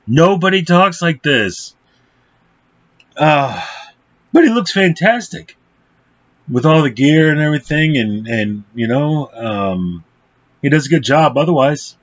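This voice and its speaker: A man's voice: fairly high pitch, sing-song, a little slow, highs cut off. A man giving a casual, rambling film review, blunt and profane, with lots of fillers.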